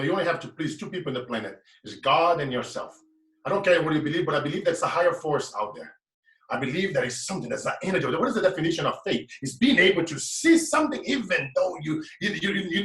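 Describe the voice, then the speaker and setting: Impassioned man, bright high voice. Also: big pitch swings, quick pace. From Brazil. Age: late 30s. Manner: preaching, repetitive, emphatic. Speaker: motivational speaker guest. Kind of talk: impassioned motivational talk. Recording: echoey room, mic at a distance.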